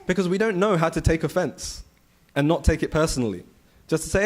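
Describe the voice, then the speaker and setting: Male temple speaker, slightly high voice, chatty storytelling scripture class. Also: brisk. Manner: conversational, animated storytelling with rhetorical questions. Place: temple hall.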